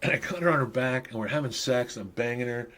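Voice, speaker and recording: A man's voice: mid-range voice, fast, fairly bright tone. A man in his fifties, a podcast host, rambling through crude stories in casual monologue and laughing at himself.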